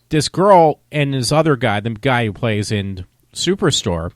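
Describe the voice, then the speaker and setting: A man's voice: medium pitch, dry recording. Rambling man with a dry voice. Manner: rambling, loose and conversational. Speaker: vlogger. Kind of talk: casual movie review.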